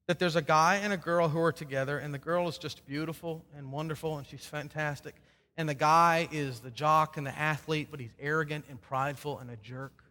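Male pastor, sermon delivery, emphatic builds and hushed endings, slightly high pitch. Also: fairly even intonation, brisk. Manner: earnest, rising to emphatic peaks and dropping to soft low endings. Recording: long hall reverb.

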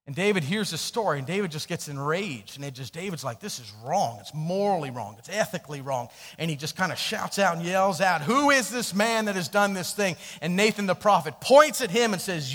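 A man preaching a sermon, telling a story and swinging from hushed, low passages to loud, emphatic questions. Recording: long hall reverb.

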